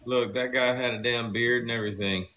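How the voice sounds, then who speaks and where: A man's voice: mid-range voice, steady tone, a little fast, bright, forceful tone. A man in a casual livestream chat, telling stories in a laid-back, profane way.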